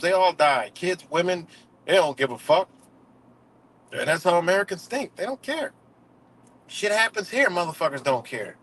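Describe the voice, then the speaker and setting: A man with a somewhat high voice rants on a live stream, heated and profane. He circles back to the same points and drops "you know" every few phrases. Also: a bit bright, a little hiss or hum, low-quality recording. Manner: says "you know" often. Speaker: livestream host. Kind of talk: casual live-stream commentary rant.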